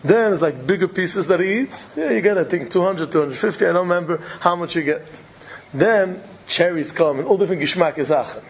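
A man's voice: on the high side, slight background noise, low-quality recording. A man delivering an impassioned storytelling sermon, repeating phrases for dramatic weight. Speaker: preacher.

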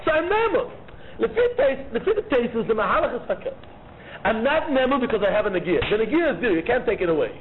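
A man teaching a Talmud lecture, arguing both sides of the case in an animated way and repeating key phrases. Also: very high-pitched, quick pace. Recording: tinny phone-like line with faint noise.

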